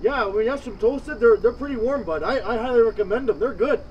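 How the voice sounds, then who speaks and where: Laid-back Canadian guy, high voice. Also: lo-fi sound, slight background noise. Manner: laid-back, says "bud" a lot, drawn-out promo delivery. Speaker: guest. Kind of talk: casual podcast banter.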